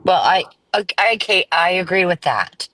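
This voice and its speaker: A soft-spoken, even-keeled middle-aged woman chatting as a guest on a live stream. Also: lowish voice, normal speed, no room sound, rough recording. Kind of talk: casual live stream chat.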